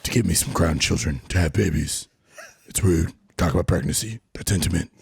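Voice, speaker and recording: A brooding male superhero vigilante for a podcast game. The voice is very low, heavily gravelly and husky, growled out in a slow deadpan. The sound is close and dry. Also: no room sound, heavily acted. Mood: gruff. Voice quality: deep gravelly rasp. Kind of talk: comedic impression in a podcast game.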